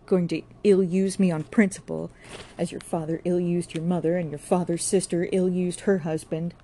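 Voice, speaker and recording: A woman voicing a coarse, hot-tempered young countrywife who speaks loud, scornful and shrill. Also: level tone, moderate pace, slight background noise, natural voice. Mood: taunting. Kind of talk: audiobook character reading.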